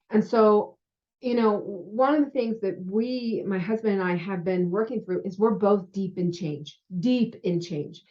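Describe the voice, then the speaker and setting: A woman's voice: medium pitch, darkish tone, lo-fi sound. A woman who works as a spiritual healer gives a casual talk to her viewers. She is chatty and often says "you know" and "right?". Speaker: spiritual healer and intuitive guide.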